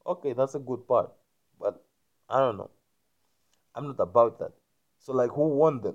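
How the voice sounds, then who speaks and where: A man rambling through a spiritual monologue, repeating himself and often checking that the listener understands, growing loud and emphatic when indignant. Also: mid-range voice, animated, normal speed, muffled recording. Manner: repetitive, keeps asking "you understand me?".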